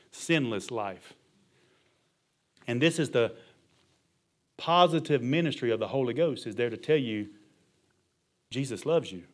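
A middle-aged male pastor with a mid-range voice preaches a sermon, emphatic and colloquial, punctuating his points with amen and hallelujah.

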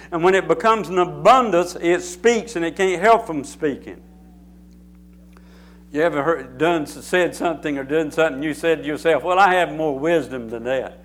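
A man's voice: fairly high pitch, moderate pace, a bit bright. A man preaching a sermon, repeating phrases and building emphasis as he speaks. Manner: repetitive, emphatic preaching with rising intensity.

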